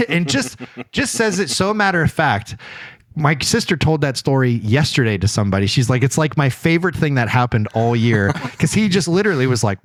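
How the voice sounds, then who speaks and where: Laughing, animated man telling a story. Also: mid-range voice, brisk, no echo, studio quality. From Ohio. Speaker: podcast host. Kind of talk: casual chat. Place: podcast studio.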